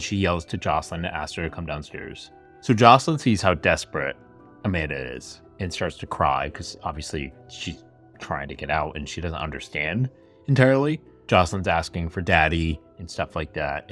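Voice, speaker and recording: A male podcast host with a rumbling low, slightly bright voice recounts a true crime story, recorded on a camera-facing setup. His telling is chatty and casual, full of "like" and side remarks.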